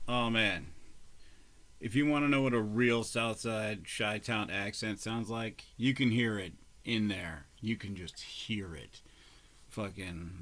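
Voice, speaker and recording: A man vlogging in a loose, rambling way, swearing often and swinging between loud bursts and mumbled, half-whispered asides. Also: fairly low pitch. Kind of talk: casual rambling vlog talk.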